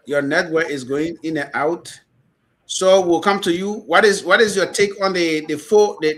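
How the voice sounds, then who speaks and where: A man's voice: high-pitched, bright, forceful tone. A man with a Liberian English accent hosting a live call-in talk show in a loose, rambling, teasing way. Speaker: host.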